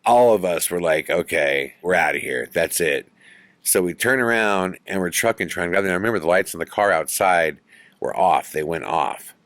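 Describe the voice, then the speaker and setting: A man hosting a podcast, telling a ghost story in an animated way that builds suspense. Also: deep voice, brisk, dry recording. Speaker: podcast host.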